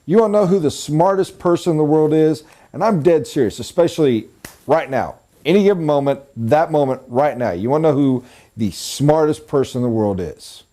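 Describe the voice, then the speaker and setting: A middle-aged man giving a live sales training lecture, emphatic and animated, jumping up in pitch to stress points.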